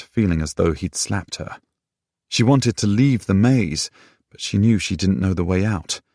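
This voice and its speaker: A man narrating a romance audiobook in a measured, unhurried way. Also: sits low, gravelly, dry recording, clean studio sound. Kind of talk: scripted narration.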